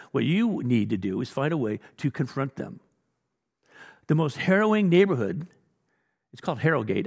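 A man's voice: medium pitch, vocal fry, a little mellow, in a large hall. A man preaching a sermon as pastor, blunt and exhorting, full of rhetorical questions and direct challenges to his listeners.

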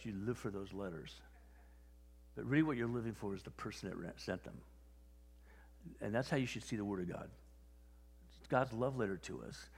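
A man preaching a sermon in a conversational, animated way, often acting out quoted voices. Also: fairly low pitch, breathy edge, in a large hall. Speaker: pastor.

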